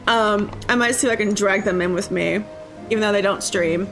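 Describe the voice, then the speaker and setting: A woman's voice: mid-range voice, fairly quick, over music. A woman game streamer chatting casually and rambling about her day while she plays. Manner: chatty, self-mocking, rambling. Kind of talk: casual chat while gaming.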